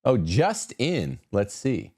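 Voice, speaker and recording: A man's voice: medium pitch, very animated, slow, mellow, no room sound, studio quality. A man hosting an opinionated news commentary show, reading headlines and adding sarcastic, mocking asides. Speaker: host.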